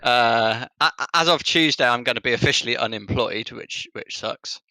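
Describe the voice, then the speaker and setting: A man's voice: medium pitch, moderate pace, sharp tone, no echo, poor audio. A man co-hosting a casual podcast, talking with a dry, sarcastic wit. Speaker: podcast co-host. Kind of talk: casual chat.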